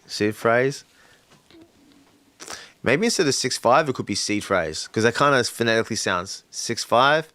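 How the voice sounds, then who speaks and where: Man, livestream rapper, mid-pitched, thinks out loud, mumbles lyric drafts, dry booth sound. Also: normal speed, no echo. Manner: thinking aloud, muttering lyric ideas. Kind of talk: casual livestream chat.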